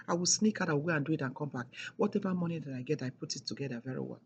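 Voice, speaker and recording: A woman's voice: deep voice, fast, few pauses, a little mellow, lo-fi sound, slight background noise. A middle-aged woman telling a personal story in an emphatic, repetitive way, leaning hard on key words. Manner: emphatic and repetitive, with heavy stresses. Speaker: speaker sharing a personal testimony.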